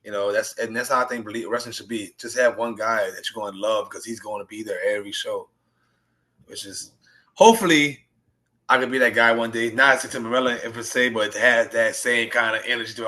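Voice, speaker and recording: A young man, an indie wrestler, talking excitedly and rambling about his favorite matches in a casual interview. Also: fairly low pitch, brisk. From US Gulf Coast. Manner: animated, rambling, excited storytelling.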